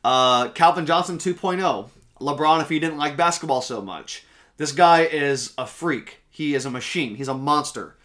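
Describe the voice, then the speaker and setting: A man's voice: fairly high pitch, moderate pace, a bit bright. A young man with a slightly raised voice talks football on a casual podcast. He argues his picks emphatically, sure of his opinions, and swears casually as he goes. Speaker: podcast co-host. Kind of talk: casual sports podcast chat.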